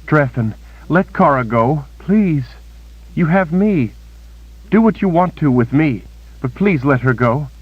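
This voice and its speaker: A man's voice: on the high side, expressive, a little slow, slightly rough, dry recording, voice pushed up. A man voicing a desperate young woman tied up, pleading urgently through tears. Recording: dull lo-fi cassette recording.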